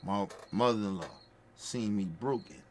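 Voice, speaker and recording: A man with a lowish voice tells stories in a loose podcast chat, hammering each point home through repetition. His delivery is blunt, profane and heartfelt, and a faint hiss sits under the speech. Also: moderate pace, darkish tone. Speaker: podcast host. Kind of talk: casual storytelling chat.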